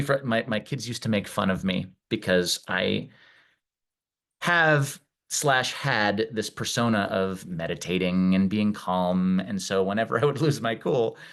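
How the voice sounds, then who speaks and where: A middle-aged man coaching in a live-streamed talk, with a lowish voice and a gravelly edge. He explains in a conversational way. His tone is easy and unhurried. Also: a bit bright. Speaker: wellness coach.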